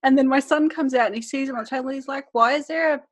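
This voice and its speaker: An Australian woman in her thirties hosting a casual podcast chat over a video call, chatty and quick to laugh. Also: high-pitched. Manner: chatty, laughs often, animated storytelling. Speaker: podcast host. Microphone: desk microphone on a video call.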